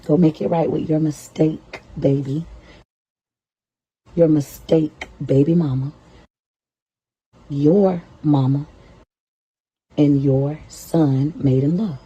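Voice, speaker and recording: A woman's voice: deep voice, slow, long pauses, mellow, breathy edge, lo-fi sound. A woman in a played video clip, cursing as she scolds a man and orders him to get out. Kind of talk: angry confrontation.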